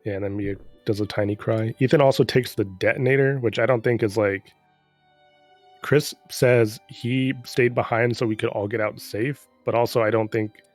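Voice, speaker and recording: A man's voice: mid-range voice, fairly even intonation, moderate pace, no room sound, soft background music. A man casually recapping a game's story in a rambling, profane, sarcastic way. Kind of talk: casual chat.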